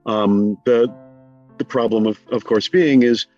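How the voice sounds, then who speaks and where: A middle-aged man from the United States, a guest speaking in an animated way, with quick asides, in a conversational interview. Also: on the low side, lo-fi sound, faint music behind. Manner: animated, rapid asides, mock quotes. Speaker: guest, film scholar.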